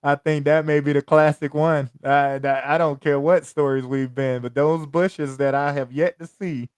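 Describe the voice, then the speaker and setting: A man's voice: on the high side, fairly even intonation, moderate pace, a little mellow, clear, resonant tone, dry recording. A man co-hosting a podcast in casual chat, eager and stumbling over his words as he jumps in on his friend. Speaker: podcast co-host.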